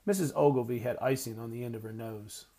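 A man reading a story aloud as narrator, in measured, even storytelling. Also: medium pitch. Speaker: audiobook narrator. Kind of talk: scripted narration.

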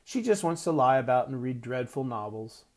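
A man voicing a spoiled, snobbish teenage girl who taunts and sneers loudly. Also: mid-range voice, lively intonation, moderate pace, lightly acted. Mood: sneering.

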